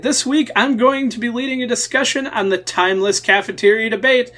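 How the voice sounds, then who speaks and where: A man co-hosting a podcast in casual chat, dropping dry, deadpan quips. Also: very high voice, fairly quick. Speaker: podcast co-host.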